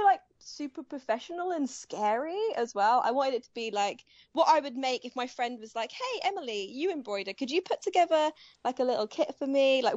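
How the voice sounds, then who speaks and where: Speaking as a guest in a casual interview chat, a young adult embroidery artist laughs often and talks warmly with many fillers and restarts. Her voice is on the high side, recorded dry with a dull home mic.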